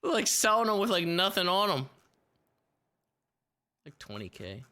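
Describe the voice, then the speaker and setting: Guy streaming a shooter, bright lively voice, swears a lot and cracks up. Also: high-pitched, unhurried, clean tone. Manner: swearing, laughing, excitable outbursts. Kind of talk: casual gaming stream chat.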